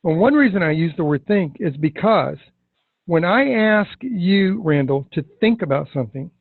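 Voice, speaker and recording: A man teaching sales technique in a webinar, emphatic, acting out scripted questions with deliberate pauses. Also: sits high, slightly rough, no room sound. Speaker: sales trainer. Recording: tinny phone-like webinar audio.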